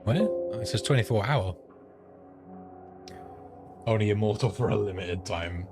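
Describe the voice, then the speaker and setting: A man's voice: on the low side, measured pace, over loud music. A man streaming a game, telling a long story in rambling, profane casual chat. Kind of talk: casual chat while gaming. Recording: steady background noise.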